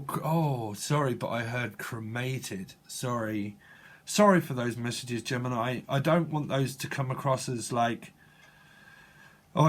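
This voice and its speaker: A man giving a channeled psychic tarot reading, halting and restarting often as he speaks to the viewer. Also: mid-range voice. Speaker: tarot reader.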